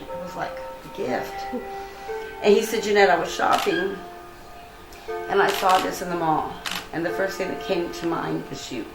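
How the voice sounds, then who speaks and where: A woman's voice: on the low side, normal speed, vocal fry, over music. Older woman telling a heartfelt story. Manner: earnest, animated storytelling, acts out quoted dialogue. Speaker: interviewee. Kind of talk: recounting a personal story. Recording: roomy echo, faint ambient noise.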